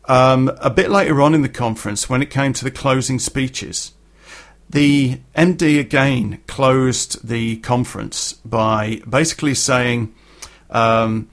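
A middle-aged man tells a personal story for a podcast in a casual, unscripted way. His voice sits at an ordinary mid pitch. His talk is blunt and earthy, with some swearing and frequent ums and uhs. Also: a little slow.

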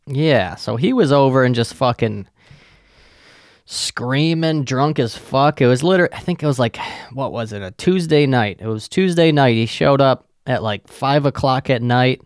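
A man's voice: medium pitch, animated, a little slow, no echo, studio quality. A man with a profane, sarcastic manner, rambling through a casual solo rant as a podcast host.

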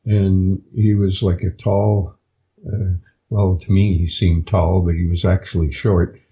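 A man, a podcast guest, recounting a personal experience in a halting, unhurried way with frequent pauses, on a dull lo-fi recording. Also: sits low, little pitch movement, gravelly, dark tone. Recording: dull lo-fi sound.

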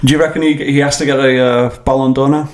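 A man co-hosting a casual football podcast, teasing and quick to laugh. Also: medium pitch, level tone. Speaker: podcast co-host.

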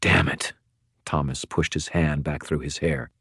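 A man giving measured, even first-person audiobook narration. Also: rumbling low, husky, no echo, clean studio sound.

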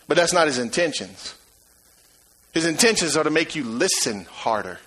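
High-voiced emphatic preacher man. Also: lively intonation, moderate pace, slightly rough, rough recording. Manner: emphatic, repetitive, swings from loud to hushed. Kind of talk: sermon.

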